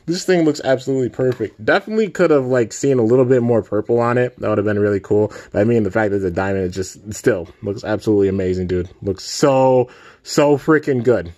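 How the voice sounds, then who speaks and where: An excitable young man hosts a casual toy unboxing on his own channel. He talks at a middling pitch and keeps calling his viewers "man" and "dude". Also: quick pace. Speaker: toy reviewer and channel host.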